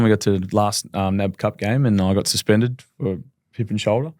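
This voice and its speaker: A man in his thirties with an Australian accent, telling his story candidly in a relaxed podcast chat. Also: on the low side, no room sound, studio quality. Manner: rapid, candid, laid-back with frequent ums. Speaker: podcast guest, professional footballer.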